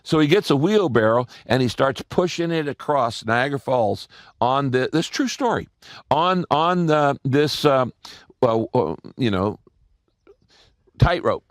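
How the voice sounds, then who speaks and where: A man preaching a sermon as a pastor, telling stories, speaking straight to his listeners, repeating key lines and dropping his voice low to press a point home. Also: animated, a little slow, no room sound, clean studio sound. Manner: earnest, direct address to listeners.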